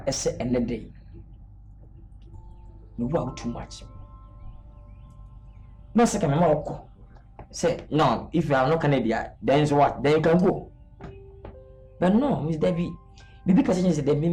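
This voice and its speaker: A man plays a showy, boastful rich big man with a Ghanaian accent. He swaggers, laughs and mixes English with Twi, his pitch leaping around. A little music sits under the voice. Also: animated, moderate pace, pauses often, dark tone, natural voice. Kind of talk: comedy skit acting.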